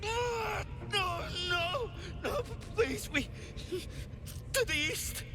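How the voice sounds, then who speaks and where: A terrified captive in a fantasy game screams and begs for mercy. His cries sit very high and leap about wildly. Each plea comes out slow, with music playing underneath. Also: animated, exaggerated voice. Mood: desperate pleading. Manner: pleading, panicked cries. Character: terrified captured male prisoner being tortured. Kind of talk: video game voice acting.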